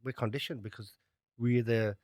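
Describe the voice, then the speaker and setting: Host guy, opinionated, mid pitch, dry mic. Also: steady tone, normal speed, a little mellow, dry recording. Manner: opinionated, mimics people. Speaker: podcast host. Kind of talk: casual podcast chat.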